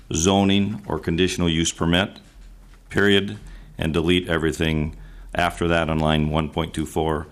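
A man, a state senator, speaking in a committee hearing, halting at times and dictating amendment wording slowly. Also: a bass voice, creaky.

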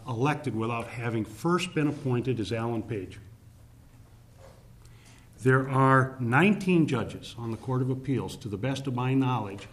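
Addressing a legislative committee in formal testimony, a man speaks at medium pitch, deliberately and emphatically. He hits key words hard and often says "uh."

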